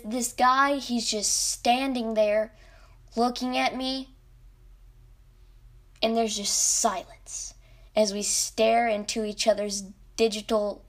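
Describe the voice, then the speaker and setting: A young woman telling a rambling, animated story about a video game as a podcast host. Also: on the high side. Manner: rambling, animated, self-interrupting. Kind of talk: casual storytelling.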